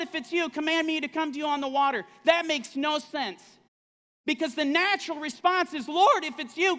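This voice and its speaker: A preacher giving an emphatic revival sermon, building with repeated phrases and dropping quiet on key points. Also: high-pitched, big-room sound. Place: revival tent.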